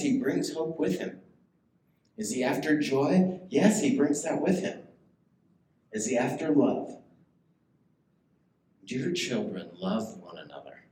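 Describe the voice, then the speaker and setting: This sermon comes from a pastor with a warm, mid-range voice, slight background noise underneath. He talks to his congregation in a chatty way and puts questions to them, the sanctuary sounding echoey with faint ambience.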